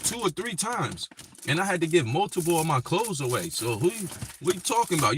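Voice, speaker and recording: A man's voice: on the high side, a bit bright, a little hiss or hum. A man hosting a live stream, ranting angrily and speaking straight at the person he criticizes. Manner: angry ranting, addresses his target directly. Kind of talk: heated live stream commentary.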